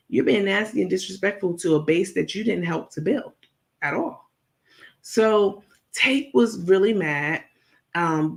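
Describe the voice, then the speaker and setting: A woman hosting a casual commentary vlog, talking straight to her viewers in an animated, profane, digressive way. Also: lowish voice, vocal fry. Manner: playful, digressive storytelling. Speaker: commentary vlogger.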